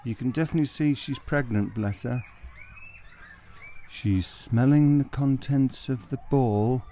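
A man's voice: medium pitch, unhurried, slight background noise. A man who presents a comedy sketch as a chatty running commentary. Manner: chatty running commentary, bursts into loud outbursts. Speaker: comic presenter.

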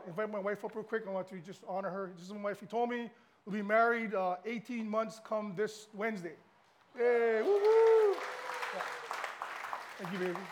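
A middle-aged man from Hawaii with a Hawaiian accent, a guest pastor giving a casual, chatty sermon to the congregation. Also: sits high.

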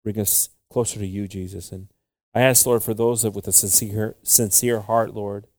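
A man's voice: on the low side, steady tone, moderate pace, a little mellow, dry recording, studio quality. A man preaching and leading prayer as a pastor, switching between English and Spanish and calling on the Lord again and again. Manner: pleading prayer with repeated "Lord" and "Jesus". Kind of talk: bilingual sermon and prayer.

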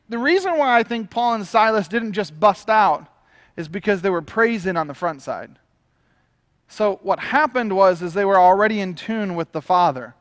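A man's voice: sits high, a bit bright, in a large hall. A man preaching a sermon as pastor, emphatic and often repeating his phrases.

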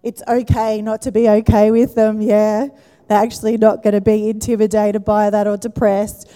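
Woman pastor, chatty sermon voice, mellow tone, long church-hall reverb. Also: mid-range voice. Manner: warm conversational preaching with questions to the congregation. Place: church auditorium.

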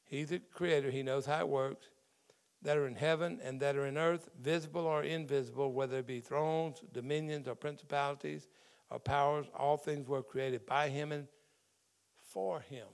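A middle-aged man preaching from the pulpit, his voice sitting a little higher than most men's. He talks the congregation through scripture in an easy, conversational way, stopping to unpack the Greek behind key words. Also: fairly even intonation, moderate pace, creaky. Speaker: pastor. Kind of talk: sermon.

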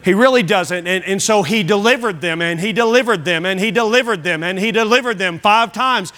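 A pastor preaches in a very high, bright voice. He hammers points home through repetition and calls out questions to the people in the pews. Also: brisk. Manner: questions the congregation directly. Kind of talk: sermon. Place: church sanctuary.

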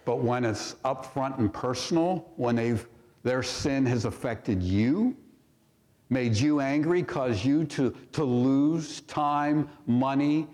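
With a medium-pitched, slightly mellow voice, a male pastor reads scripture during a sermon and puts rhetorical questions to the congregation. The recording carries the long reverb of a church sanctuary.

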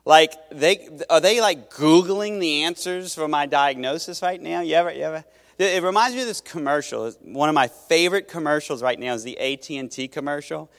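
A man's voice: on the high side, a little fast, vocal fry, fairly bright tone. A man preaching a sermon as pastor, in a conversational way that restarts phrases and questions his listeners. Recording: long reverb of a large hall.

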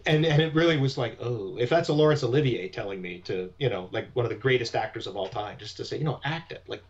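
A man's voice: mid-range voice, quick pace, a little mellow, breathy edge. A man, an actor appearing as a guest, chatting casually in an interview, rambling and restarting his thoughts as he goes. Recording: dull lo-fi sound.

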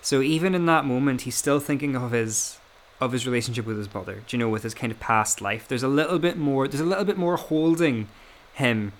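A man's voice: mid-range voice, brisk. A man co-hosting a podcast, working through his points in casual analytical chat with many restarts. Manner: talks in repeated restarts. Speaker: podcast co-host.

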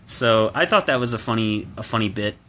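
Man, casual film review monologue, opinionated, chatty, bright tense voice, alone at home. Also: fairly low pitch, lively intonation, brisk, a little hiss or hum. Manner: chatty, opinionated, many restarts and fillers.

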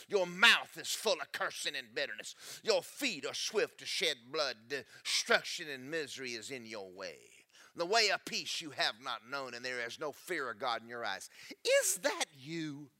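A man preaching a sermon, emphatic and preachy, swinging between loud and soft. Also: fairly high pitch. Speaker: pastor.

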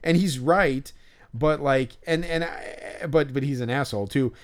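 A man's voice: medium pitch, measured pace. Ranting, foul-mouthed man. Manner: profane, ranting. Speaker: podcast co-host. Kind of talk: casual chat.

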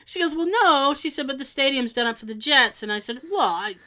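A woman from Massachusetts co-hosting a casual chat show, telling stories in an animated way and acting out the people in them. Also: fairly high pitch, fast. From Massachusetts, USA. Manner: animated storytelling, acts out quoted people. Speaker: podcast co-host.

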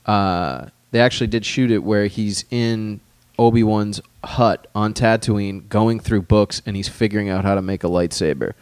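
A man co-hosting a podcast in casual chat, rambling and slowing down to retell scenes. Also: lowish voice, fairly even intonation, a little mellow, clear, resonant tone, no room sound. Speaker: podcast co-host.

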